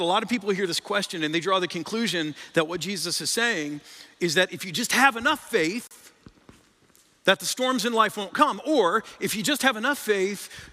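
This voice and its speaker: A man with a bright, forceful voice pitched a little high preaches on a stage microphone. He talks in a conversational way and lifts his pitch and volume sharply to stress a point. The sound rings on in a large church hall. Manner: conversational, rises in pitch and volume for emphasis, repeats words. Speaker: pastor. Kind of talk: sermon. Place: church sanctuary. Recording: long reverb of a large hall.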